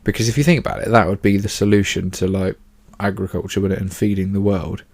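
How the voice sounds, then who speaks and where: A man's voice: deep voice, steady tone, fast, darkish tone. A man hosting a casual solo podcast, chatty and rambling, swearing offhandedly and fighting off yawns. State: yawning. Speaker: podcast host.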